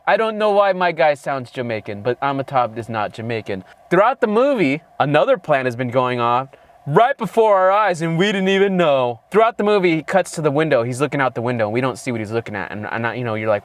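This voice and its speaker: A man's voice: fairly high pitch, lively intonation, fairly quick. A man co-hosting a casual movie review, ranting sarcastically with constant swearing and exasperation. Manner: heavily profane, exasperated, sarcastic. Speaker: movie reviewer, channel co-host.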